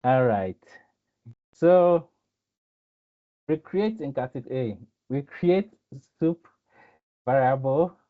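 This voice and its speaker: Coding teacher on a livestream, slow and chatty, laughs a lot, reads the chat, kinda muffled lo-fi audio. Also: mid-range voice, animated. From Ghana. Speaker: coding instructor. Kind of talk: live-streamed coding lesson.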